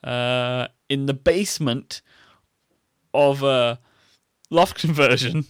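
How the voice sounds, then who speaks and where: A man's voice: mid-range voice, slow pace, smooth, dry recording, clean studio sound. A man co-hosting a podcast, teasing his co-host with playful exaggeration. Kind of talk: casual banter.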